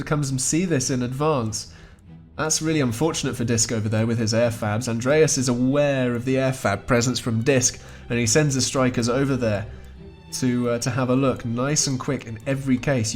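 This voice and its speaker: Man casting a strategy game, faint music. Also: medium pitch. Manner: chatty, wry, chuckles often. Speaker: esports caster. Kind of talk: play-by-play game commentary.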